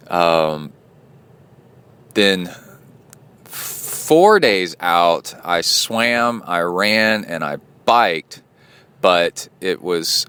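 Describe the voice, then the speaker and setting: A man's voice: sits low, smooth. A middle-aged man, talking casually and rambling with lots of fillers, livening up when he retells a story. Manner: rambling, with many fillers and restarts; animated when retelling stories. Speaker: podcast host and triathlon coach. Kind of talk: casual spoken diary.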